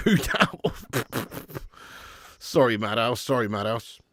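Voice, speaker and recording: A man streaming a live football watch-along, reading viewer comments casually, then swearing and shouting at the match as it unfolds. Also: medium pitch, animated, slow pace, no room sound, clean studio sound.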